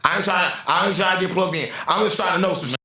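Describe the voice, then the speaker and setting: A man hosting a podcast, teasing his co-host loudly and shouting at times. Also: high voice, racing, creaky, a loud crowd. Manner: loud, teasing, swings to shouting. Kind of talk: casual podcast banter.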